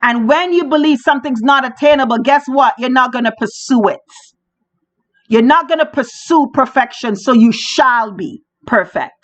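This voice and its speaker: A woman's voice: high voice, normal speed. A woman hosting a podcast, delivering religious commentary in an emphatic, preachy way and repeating phrases for stress. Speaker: podcast host. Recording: dull lo-fi sound.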